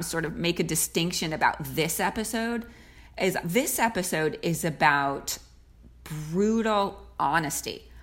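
A woman co-host introduces a podcast episode in a thoughtful, earnest manner. Her voice sits very low and has a gravelly fry, and she pauses often as she gathers her words. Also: fairly bright tone.

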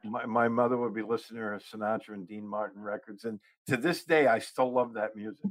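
A man's voice: lowish voice, steady tone, a little fast, no room sound, rough recording. A man from the Boston area with a thick Boston accent, hosting a casual interview and laughing easily. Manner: easygoing, laughs often, chatty. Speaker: podcast host.

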